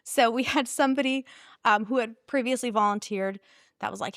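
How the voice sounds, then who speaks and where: A woman guest telling an earnest personal story in a casual interview, laughing often and animated in her retelling. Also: fairly high pitch, fairly quick, dry recording, clean studio sound. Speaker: pregnancy center staff guest.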